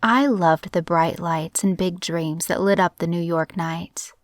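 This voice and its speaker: A young adult woman narrating a horror story in a measured, somber way as the show's regular narrator. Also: on the low side, dry recording, clean studio sound.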